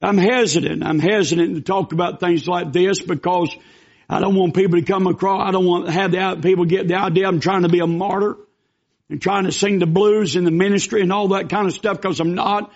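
Man, pastor, preaching, high voice, earnest storytelling, emphatic bursts, muffled recording. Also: steady tone, fairly quick. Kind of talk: sermon.

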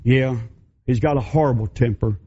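Frightened, beaten-down older woman with gray hair, halting and stammering, as a man acts her out in a lower voice; dull lo-fi sermon recording. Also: warm tone, slightly rough, lightly acted. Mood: tearful, beaten down. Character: battered older gray-haired woman, fearful and tearful.

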